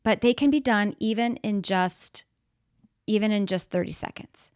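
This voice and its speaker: Middle-aged lady doing a motivational talk, chatty, acts stuff out, asks the crowd questions, smooth clear voice. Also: mid-range voice, normal speed, darkish tone, no room sound, clean studio sound. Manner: conversational, plays out scenes, asks the audience questions. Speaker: speaker.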